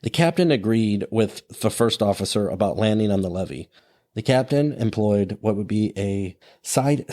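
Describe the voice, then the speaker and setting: Low-voiced man hosting a podcast. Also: darkish tone. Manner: casual, with fillers and asides. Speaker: podcast host. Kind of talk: conversational podcast narration.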